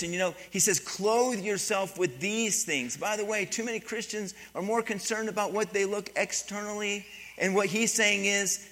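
Preaching at a moderate pace in a high-sitting voice, a middle-aged pastor gives an animated sermon. His delivery sinks low and swells up again, punctuated by frequent questions to the congregation.

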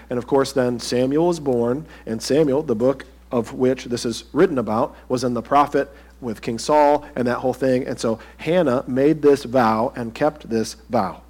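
A man's voice: medium pitch, normal speed, few pauses. A pastor preaching a sermon to his congregation in a conversational way, asking them direct questions.

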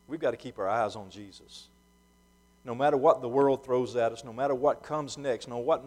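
A man preaching a sermon in earnest, often restarting and repeating phrases, dropping soft and low at times, then rising to louder emphatic lines. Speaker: pastor.

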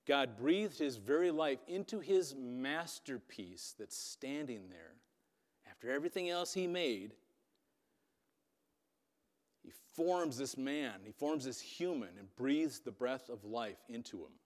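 A man's voice: mid-range voice, expressive, slow pace. Man preaching in a reverberant hall. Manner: dramatic storytelling with shifting loudness. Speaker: pastor. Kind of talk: sermon. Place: church hall.

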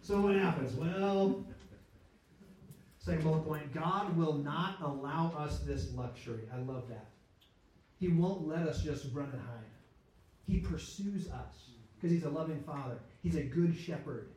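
A man's voice: a little high, unhurried, a little mellow. Man teaching scripture in an echoey room. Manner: asks rhetorical questions, checks in with listeners; restarts and self-corrects mid-sentence. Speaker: Bible teacher. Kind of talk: conversational Bible study teaching. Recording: very echoey room, speaker far from mic.

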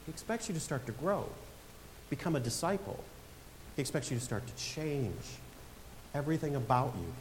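A male pastor in his forties delivers a sermon, shifting between conversational storytelling and emphatic, rising preaching. His mid-pitched voice carries a long hall reverb, with a faint hiss under it. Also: animated, normal speed, long pauses. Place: church sanctuary.

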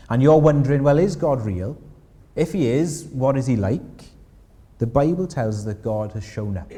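A man's voice: mid-range voice, mellow, long reverb tail. A man preaching a sermon in church, earnestly asking his listeners questions. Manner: earnest, asks the congregation questions.

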